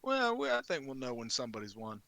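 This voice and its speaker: A man narrating a tabletop game as game master, rowdy and laughing, shouting his characters' lines. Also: mid-range voice, huge pitch swings, fast talker, no echo.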